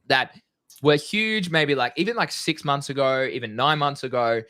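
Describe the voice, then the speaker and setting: A young man co-hosting a casual crypto trading live stream, energetic and slangy. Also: medium pitch, normal speed, no echo, clean studio sound. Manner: energetic, excitable, slangy, swears.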